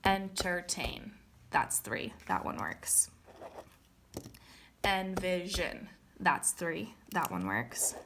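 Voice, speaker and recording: A woman's voice: rumbling low, very animated, slow pace, vocal fry, hardly any pauses, background noise. A young woman teaching a recorded grammar lesson, patiently explaining step by step and checking in with "okay?".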